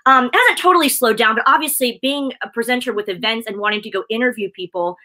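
A woman talks quickly in a bright, fairly high voice. She is chatty and effusive and laughs easily as she gives her answers in a casual interview over a video call. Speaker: presenter and guest.

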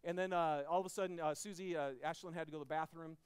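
A pastor in his thirties preaches a Christmas sermon in church, telling a personal story that swings between loud, excited passages and hushed ones. His voice is fairly high, clean, and racing.

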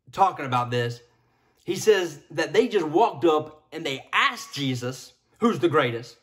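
Laid back pastor guy, jokes around, kinda high voice, keeps restarting. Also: fairly bright tone. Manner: chatty, joking, restarts a lot. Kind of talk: casual sermon.

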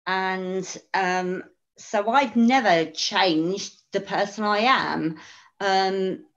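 A woman battlefield guide speaks very slowly and frankly on a panel, pausing and hesitating as she goes. She is heard over a video call, and the sound is somewhat dull. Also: mid-range voice. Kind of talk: panel discussion.

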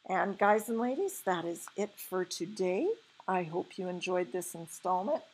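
A woman's voice: lowish voice, a little slow, slightly rough, rough recording. A woman teacher reading a children's book aloud to her class and speaking to her students directly. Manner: expressive, gives homework. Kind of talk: read-aloud storytelling.

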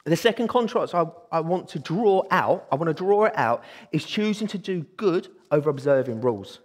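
Male preacher, excitable, animated delivery, long hall reverb. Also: fairly high pitch, normal speed. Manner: excitable, bursts into exclaiming. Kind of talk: sermon. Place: church hall.

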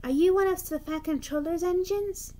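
A woman voicing an eager, kind male steam engine, with a raised, bright voice. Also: very high-pitched, normal speed, pitched above the performer's own voice.

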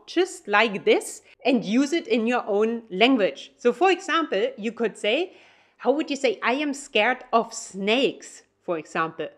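Upbeat German woman teaching language. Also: a little high. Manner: upbeat, encouraging, slows to spell out German phrases. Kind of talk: YouTube language lesson.

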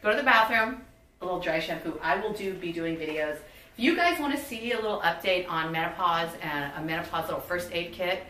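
Woman, 50s, bubbly beauty vlogger, bright voice, recorded a little far from the mic. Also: lowish voice, lively intonation, fairly quick, echoey room, a little hiss or hum. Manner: bubbly, chatty, reads product labels aloud. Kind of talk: casual unboxing chat.

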